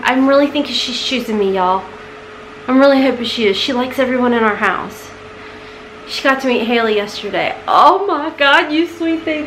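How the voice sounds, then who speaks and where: Distractible woman in her thirties, casual beauty-vlog chatter, a touch high-pitched. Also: fairly bright tone, a little hiss or hum, poor audio. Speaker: beauty vlogger. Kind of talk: casual unboxing chat.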